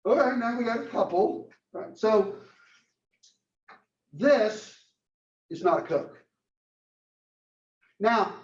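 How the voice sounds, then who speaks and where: A man lecturing a marketing class, telling a story and acting out its dialogue in a lively way. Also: high-pitched. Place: lecture room. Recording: roomy, distant, dull classroom recording.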